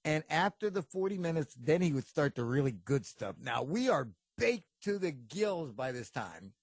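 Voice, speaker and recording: A man co-hosting a podcast, telling stories in a casual, animated way and laughing often. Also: a little high, moderate pace, breathy edge, no room sound. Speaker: podcast co-host. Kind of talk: casual storytelling chat.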